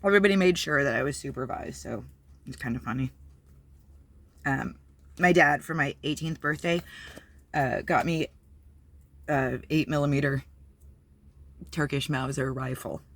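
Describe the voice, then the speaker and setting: A woman's voice: very deep voice, normal speed, long pauses. A woman candidly telling a personal story on her vlog, blunt and profane, with many fillers. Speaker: vlogger.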